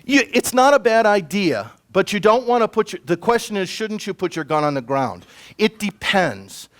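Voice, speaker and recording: A middle-aged man with a fairly high voice gives a conference presentation. He lectures in a lively, conversational way, turning to the audience with asides and quick questions. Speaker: self-defense instructor. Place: conference room.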